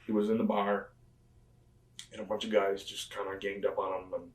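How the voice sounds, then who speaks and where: A man's voice: on the low side, little pitch movement, brisk. A man, a former pro wrestler as an interview guest, telling rambling backstage anecdotes with lots of fillers and the odd chuckle. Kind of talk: casual storytelling interview. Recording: roomy and distant from the mic.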